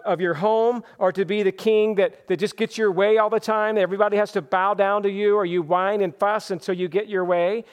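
A man with a higher-than-usual voice preaches a sermon. His tone is clear and resonant. He is earnest and deliberate, slowing down to lean on each point. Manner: earnest preaching, slows for scripture and emphasis. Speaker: pastor.

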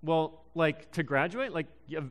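A young man in his twenties giving a casual sermon, halting and full of ums and restarts. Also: fairly high pitch, lively intonation, gravelly. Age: young adult. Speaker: preacher.

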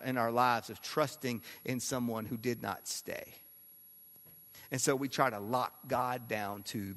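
Male pastor, mid-pitched, earnest, repeats lines for weight; long hall reverb. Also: fairly bright tone. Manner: earnest, repeats phrases for emphasis. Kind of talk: sermon.

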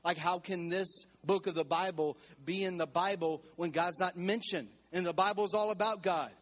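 Man, pastor, sermon, call-and-response, fairly high voice, repeats phrases. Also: steady tone, moderate pace, fairly bright tone. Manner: preaching with call-and-response to the congregation; repeats and restarts phrases, rising in intensity. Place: church.

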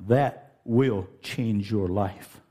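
A middle-aged man preaching a sermon in a folksy, animated storytelling way, laughing and putting on voices. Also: fairly low pitch, drawn-out words, slight background noise. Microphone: handheld mic.

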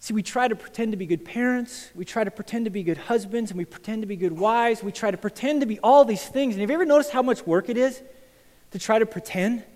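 Male pastor, high voice, animated sermon, loud then hushed, reverberant church sanctuary. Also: fast. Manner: animated preaching, swings between loud emphasis and quiet intensity. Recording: church hall with long reverb.

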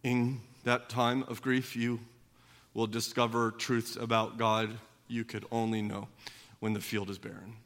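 A man preaching a sermon as pastor, moving from quiet, low reflection to loud, emphatic passages, with frequent repeated words and conversational asides. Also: flat delivery, measured pace.

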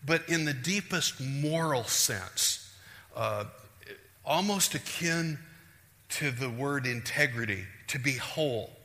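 A middle-aged man preaches a sermon in a church, his voice bright and forceful. He acts out quoted voices and swings from loud bursts to hushed asides. Long reverb trails off each phrase in the big hall. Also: mid-range voice. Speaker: pastor.

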